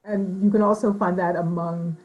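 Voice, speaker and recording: A woman author answering interview questions in an animated, thoughtful way, with frequent fillers, who slips into voices when quoting people. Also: on the low side, normal speed, narrow, tinny audio, slight background noise.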